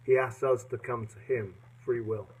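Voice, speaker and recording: A man giving a personal devotional talk to listeners in a gentle, earnest and reflective manner. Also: mid-range voice, fairly even intonation, moderate pace, breathy edge, poor audio. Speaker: devotional podcaster.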